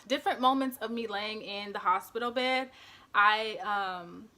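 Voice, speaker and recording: Bright young woman telling an emotional story. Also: on the high side, fairly even intonation, fairly quick. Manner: emotional, often near tears, with many fillers. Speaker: beauty vlogger. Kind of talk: personal storytime vlog.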